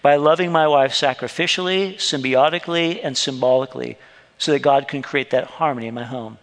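A man's voice: mid-range voice, a little fast, a bit bright, long reverb tail. A man preaching a sermon as pastor, talking to the congregation in a conversational way and acting out little quoted exchanges.

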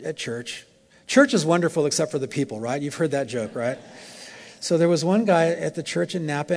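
A man's voice: a little high, creaky, a little mellow. Earnest man preaching in a reverberant church. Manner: earnest, confessional storytelling. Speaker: guest preacher. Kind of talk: sermon with closing prayer. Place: church sanctuary. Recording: long hall reverb in a church.

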